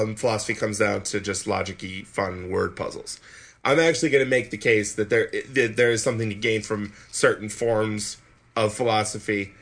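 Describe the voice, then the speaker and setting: A man's voice: lowish voice, fairly bright tone. A man hosting a podcast in casual chat, rambling and self-mocking, often stumbling and restarting. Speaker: podcast host.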